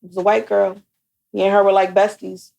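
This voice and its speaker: A young woman co-hosting a podcast, telling a story in a blunt, animated, profane way, casual chat. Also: mid-range voice, a little fast, creaky. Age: young adult. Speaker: podcast co-host.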